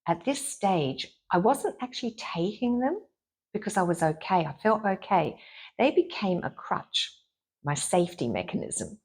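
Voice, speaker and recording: A middle-aged woman, a therapist, frankly and lively telling a personal story as a guest in an interview. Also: medium pitch, a little slow, slightly rough. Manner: frank and lively, acts out her own inner voice.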